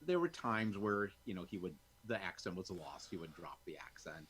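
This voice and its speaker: A man's voice: low voice, expressive, normal speed, fairly bright tone, a little hiss or hum. A man who works as a voice actor, chatting genially as a guest on a film podcast. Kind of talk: casual film discussion.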